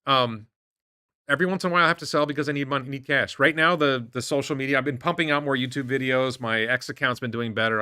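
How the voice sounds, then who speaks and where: A man's voice: medium pitch, bright, forceful tone, clear, resonant tone, no echo, studio quality. A man hosting an investing livestream, giving opinionated, rambling commentary and firing off incredulous rhetorical questions while answering chat. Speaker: host of investing show. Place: home in Thailand.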